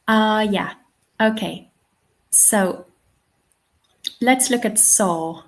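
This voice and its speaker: Woman trainer, webinar Q&A host, unhurried and patient. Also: medium pitch. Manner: slow, patient, explains with spoken examples. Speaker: English teaching trainer. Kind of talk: live webinar Q&A.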